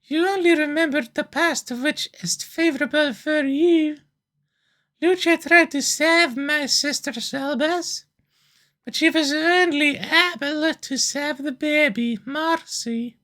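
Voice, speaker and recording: A woman reading aloud as a proud, reproachful mermaid in a game, in a slow, measured way. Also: high-pitched, fairly bright tone. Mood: stern.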